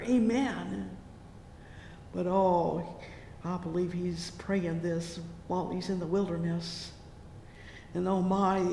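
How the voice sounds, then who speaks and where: Slow, fervent preacher in an echoey hall. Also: medium pitch, warm tone, a little hiss or hum. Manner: drawn-out, fervent exclamations of "oh yes" and "oh my". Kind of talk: sermon.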